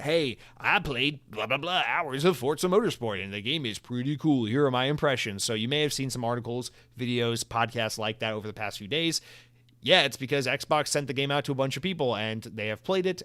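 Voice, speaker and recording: A man's voice: medium pitch, fairly bright tone, clean tone, dry recording. A young man hosting a solo podcast, talking casually in a sarcastic, rambling, self-mocking way. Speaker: podcast host.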